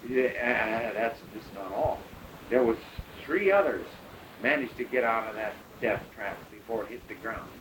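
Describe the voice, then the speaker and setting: An older man, a pilot, recounting his past in a rambling, halting way full of fillers. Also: lowish voice. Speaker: bush pilot telling his story. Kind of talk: oral history storytelling. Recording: noisy recording.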